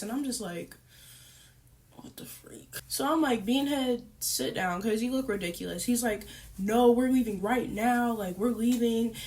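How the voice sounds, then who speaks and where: Chatty young woman telling a story. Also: a little high. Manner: chatty, animated retelling with many fillers. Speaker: vlogger. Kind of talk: casual storytime while eating.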